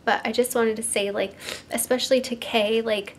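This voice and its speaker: A young woman talking to her subscribers in a vlog, crying and sniffling, halting and restarting with lots of "like". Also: on the high side, fairly even intonation, slight background noise. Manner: tearful, heavy use of "like", halting restarts. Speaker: YouTuber.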